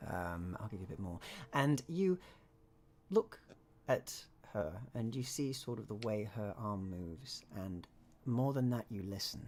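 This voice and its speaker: A game master narrating a tabletop horror game in a relaxed, descriptive way. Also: mid-range voice, measured pace, a little hiss or hum.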